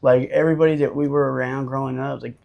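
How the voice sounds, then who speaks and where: A man from Utah, a podcast guest telling his life story in a blunt, profane, animated way, full of fillers. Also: mid-range voice, fast talker, vocal fry, muffled recording. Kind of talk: casual storytelling.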